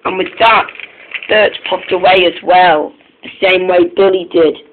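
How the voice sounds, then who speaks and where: A man narrating a storybook tale, speaking haltingly and often restarting his sentences, on a tinny, phone-like recording. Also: sits high, fairly even intonation, heavy background noise.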